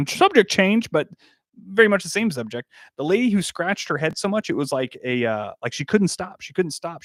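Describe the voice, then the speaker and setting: A man's voice: sits high, no echo, clean studio sound. A young man hosting a casual livestream, reading chat comments and laughing often. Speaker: livestream host answering chat.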